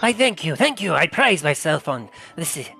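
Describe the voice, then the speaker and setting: A man voicing a fussy, excitable male gnome who runs a game of fighting toys, talking like a showman. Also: on the high side, normal speed, gravelly, husky, faint music behind, exaggerated voice. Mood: showy. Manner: showman, grandly thanking and welcoming.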